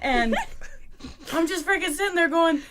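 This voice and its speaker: A young woman guest on a casual podcast, lively and excitable as she tells a story. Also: very high-pitched, normal speed, very noisy.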